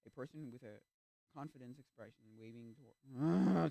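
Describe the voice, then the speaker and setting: A man streaming and chatting casually, animated and easily exasperated, acting out little reactions. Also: medium pitch, normal speed, vocal fry, dry recording. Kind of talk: casual chat.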